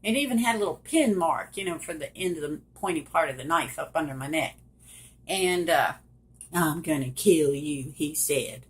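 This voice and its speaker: A woman's voice: sits low, animated, normal speed. A middle-aged woman telling a personal story straight to the viewers, emphatic and direct. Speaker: survivor telling her story.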